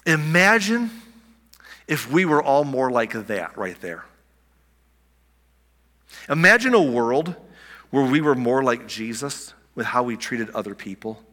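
A man preaching a sermon in a conversational way, restarting phrases and dropping softly on key words. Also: mid-range voice, very animated, unhurried, long pauses, big-room sound. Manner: conversational preaching with restarts and soft dramatic drops. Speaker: pastor.

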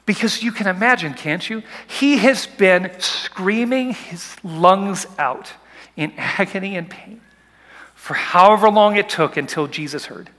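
A man preaching a sermon, swinging from soft whispers to loud, urgent calls. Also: high voice, measured pace, big-room sound. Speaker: pastor.

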